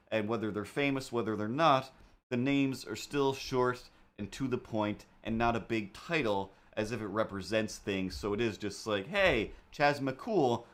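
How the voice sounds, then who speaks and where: A man hosting a casual drawing livestream, talking in a rambling, jokey way with lots of fillers and asides. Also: on the low side. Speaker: livestream host and artist.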